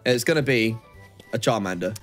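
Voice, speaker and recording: A man co-hosting a let's play, excitable and joking, often repeating himself. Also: on the low side, normal speed, soft background music. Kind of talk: casual gameplay co-commentary.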